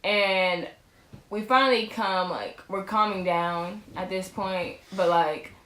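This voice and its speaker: A woman's voice: mid-range voice, slow pace, bright, forceful tone. Young woman, casual storytime vlogger, rambling with restarts, roomy echo. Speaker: vlog co-host telling a story.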